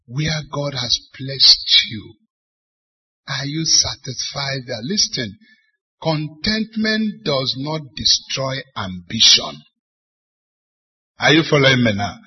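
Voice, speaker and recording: Husky Nigerian bishop preaching emphatically. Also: male voice, medium pitch, animated, takes it slowly, long pauses. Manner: emphatic preaching with rhetorical questions; bursts into loud, forceful stresses. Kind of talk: sermon to church leaders. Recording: dull lo-fi church recording.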